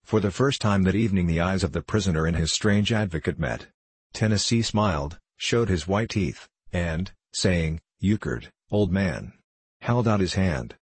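A man reads a story aloud in a measured, formal manner. His voice sits very low with a husky grain, and the recording is close and dry with no room sound. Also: no room sound. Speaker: narrator. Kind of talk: audiobook narration.

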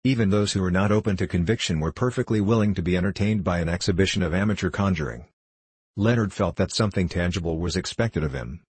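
A man reads a story aloud with measured, even pacing. His voice is deep and slightly husky, and the recording is close and dry with no room sound. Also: dry recording. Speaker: narrator. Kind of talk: scripted audiobook narration.

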